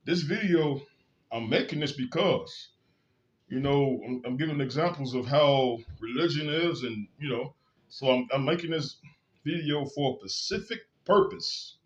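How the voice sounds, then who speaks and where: A man's voice: medium pitch, unhurried, lo-fi sound. A man telling his own story in a candid, blunt and profane monologue, full of emphasis. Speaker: vlogger.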